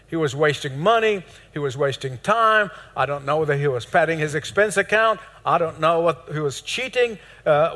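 A man's voice: on the high side, fairly bright tone. An older man preaching a sermon, telling a parable in a storytelling way, chuckling now and then and acting out the characters' lines. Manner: storytelling sermon with laughs and acted-out quotes. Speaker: pastor. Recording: long hall reverb.

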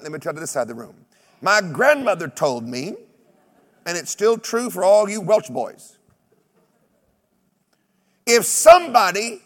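A man preaching a sermon, telling stories with humor, mimicking other preachers and breaking into shouted exclamations. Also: very high-pitched, long reverb tail. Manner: animated storytelling with shouted exclamations.

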